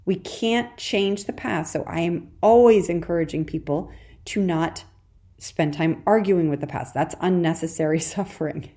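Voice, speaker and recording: A woman's voice: fairly low pitch, normal speed. A woman talks straight to her listeners as the host of a solo parenting podcast. Her delivery is chatty and encouraging, loose and conversational, with frequent "okay"s. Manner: warm encouraging, addresses listener as "dear warrior".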